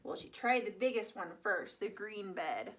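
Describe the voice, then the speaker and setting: A woman telling a fairy tale to children, animated and asking her young listeners questions. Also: mid-range voice, moderate pace. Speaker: children's storyteller. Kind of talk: reading a story aloud to children.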